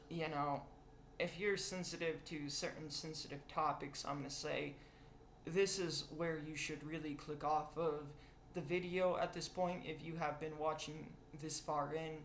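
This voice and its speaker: A young man talks slowly through a confessional rant, rambling and swearing as the feeling spills over. His voice is bright and edged. The room around him echoes. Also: on the high side, slight background noise. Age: young adult. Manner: rambling, profane, emotional. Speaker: vlogger.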